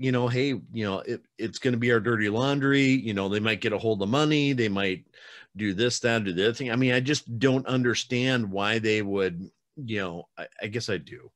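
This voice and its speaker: A man's voice: mid-range voice, fairly bright tone. Blunt heated male podcast host. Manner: blunt, heated, many fillers. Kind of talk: casual interview chat.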